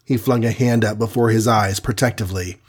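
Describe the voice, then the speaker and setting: A man's voice: lowish voice, steady tone, brisk, slightly rough. A man narrating a superhero storybook with a dramatic, vivid reading. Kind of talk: scripted audiobook narration.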